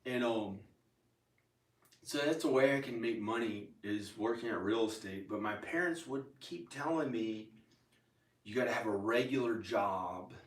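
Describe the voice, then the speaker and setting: A man with a lowish voice rambles through a casual vlog, circling back and repeating his own lines. The sound is roomy and echoey, and he sits a little away from the microphone. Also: measured pace, distant mic. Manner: meandering, repeats himself, many fillers and restarts. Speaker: vlogger.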